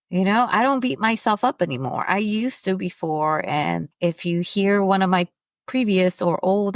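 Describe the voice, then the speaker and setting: A woman's voice: medium pitch, creaky, no room sound. A woman hosting her own podcast, talking candidly and encouragingly, swearing casually and laughing often. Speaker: podcast host. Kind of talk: casual solo podcast monologue.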